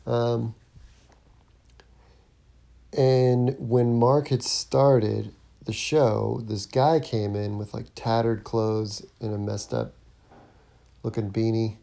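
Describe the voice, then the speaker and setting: A man talks on his own podcast in a loose, rambling monologue, full of fillers and false starts. His voice sits dark and mellow, with a gravelly edge at the bottom. The delivery stays casual and unscripted. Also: fairly low pitch, little pitch movement, slow pace, pauses often. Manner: rambling, lots of ums and restarts. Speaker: podcast host, stand-up comic.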